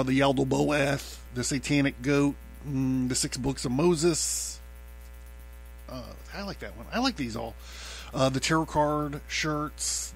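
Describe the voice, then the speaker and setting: A man's voice: fairly high pitch, a bit bright. A man hosting his own podcast, talking in a loose, rambling way, with lots of fillers, swearing and laughter. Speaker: podcast host. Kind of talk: casual rambling monologue.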